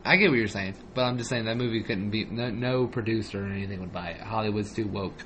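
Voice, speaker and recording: A man's voice: on the low side, fast, fairly bright tone, slight background noise. A man co-hosting a casual podcast, joking around and swearing casually with friends. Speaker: podcast co-host.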